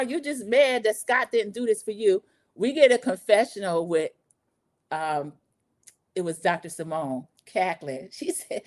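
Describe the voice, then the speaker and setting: A woman hosting a casual reality show recap, chatty and lively, acting out the quotes she retells. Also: mid-range voice, normal speed. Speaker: recap podcast host.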